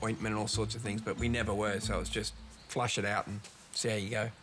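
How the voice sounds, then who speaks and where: A man's voice: fairly low pitch, fast, music in the background. A man casually recalling past expeditions, acting out reactions as he tells the story. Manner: animated storyteller, acts out reactions. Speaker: former expedition crew member. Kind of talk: casual reminiscing commentary.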